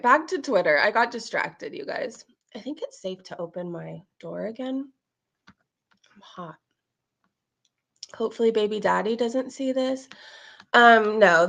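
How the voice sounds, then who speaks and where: A woman's voice: mid-range voice, animated, normal speed, vocal fry, a bit bright. A woman hosting a casual livestream, chatting to her viewers and laughing often. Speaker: livestream host.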